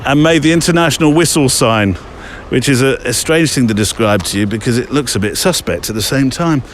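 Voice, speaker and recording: A podcast host walks through woodland, chatting casually and rambling with plenty of fillers. His mid-range voice moves a little fast, with slight background noise.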